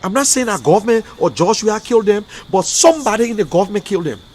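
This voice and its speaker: Fiery Liberian man, high voice. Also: expressive, fast talker, a little mellow. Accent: Liberian English. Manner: emotional, fiery, repetitive outbursts. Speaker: online talk show host. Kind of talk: impassioned livestream commentary.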